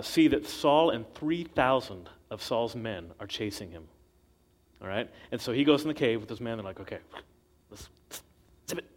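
A man preaching a sermon in a casual, storytelling way, acting out the quotes he tells. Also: mid-range voice. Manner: conversational storytelling with acted quotes.

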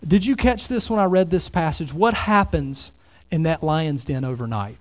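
A man's voice: a little high, lively intonation, moderate pace. A man preaching a sermon as pastor, in a conversational way full of rhetorical questions.

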